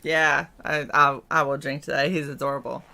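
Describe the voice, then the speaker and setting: A woman's voice: sits low, moderate pace, vocal fry, crowd noise. A woman co-hosting a casual stream, telling stories with lots of laughter and acted-out voices. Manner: animated storyteller, laughs often, acts out voices. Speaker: stream co-host. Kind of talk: casual chat.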